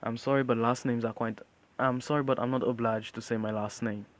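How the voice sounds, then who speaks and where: A man's voice: mid-range voice, fairly even intonation, a little fast, natural voice. A man voicing a polite, earnest teenage boy student in an amateur spoken story.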